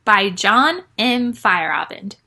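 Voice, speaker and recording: A woman's voice: mid-range voice, sing-song, slow pace, sharp tone, low-quality recording. A woman music teacher giving a recorded online lesson to young children, upbeat and explaining step by step.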